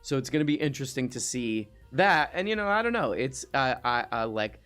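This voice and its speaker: A man's voice: medium pitch, big pitch swings, a little fast, fairly bright tone, smooth, soft background music. A man in his thirties hosting a live call-in show, chatting casually, rambling with restarts and reading chat comments aloud.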